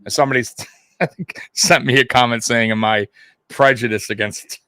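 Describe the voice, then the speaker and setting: Man, casual sports talk, animated and chuckling, mid-pitched voice, dry close sound. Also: normal speed, smooth, dry recording. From half Italian heritage. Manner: animated, laughs often, repeats himself. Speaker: co-host of a sports watch-party stream. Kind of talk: casual live football chat.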